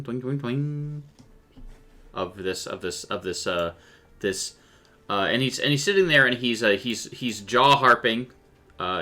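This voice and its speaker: With a sharp tone and a voice on the low side, a man runs a streamed tabletop game as game master. He chats animatedly with his players and viewers and breaks into vocal sound effects.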